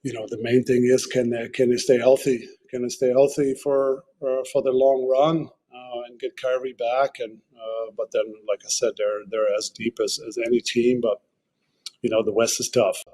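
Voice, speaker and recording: A man answering in an interview clip, halting and repeating words. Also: mid-range voice, level tone, warm tone.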